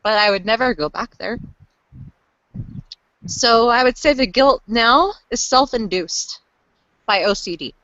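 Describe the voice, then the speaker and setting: A woman's voice: a little high, a little slow, long pauses, fairly bright tone, no echo, highs cut off. A woman in her thirties giving earnest, emotional personal testimony on a panel call, breaking into pep-talk bursts. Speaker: panelist sharing lived experience.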